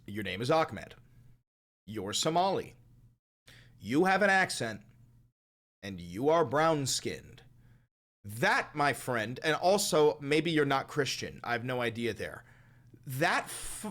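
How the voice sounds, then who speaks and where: A man hosting his own channel, reacting to clips in a heated, profane and casual way. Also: fairly high pitch. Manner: heated, profane, swings in loudness. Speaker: commentator and host.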